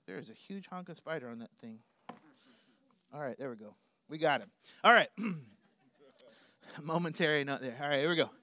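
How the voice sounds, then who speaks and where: Animated, high-voiced male preacher. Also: moderate pace, long pauses, dry recording. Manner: animated, swings from loud emphasis to quiet asides. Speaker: pastor. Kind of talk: sermon.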